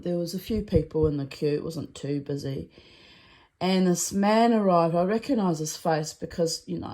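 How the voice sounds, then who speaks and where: A woman's voice: on the low side, a little mellow, low-quality recording. A middle-aged woman telling a story in a rambling, chatty way, full of asides. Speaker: vlogger. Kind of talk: casual storytelling monologue.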